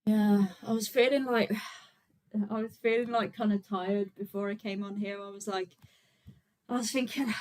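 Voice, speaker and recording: A chatty woman from Birmingham, England, livestreams in a mid-range voice with a steady tone and moderate pace. She's a vegan activist and stream host, chatting informally with viewers, using lots of fillers while she sets up.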